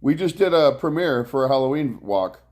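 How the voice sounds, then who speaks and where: A man with a mid-range, slightly mellow voice hosts an easygoing live stream from his couch, sounding animated at a moderate pace. Greeting viewers one at a time, he drifts from subject to subject in rambling talk, captured by a clip-on mic worn from bike riding.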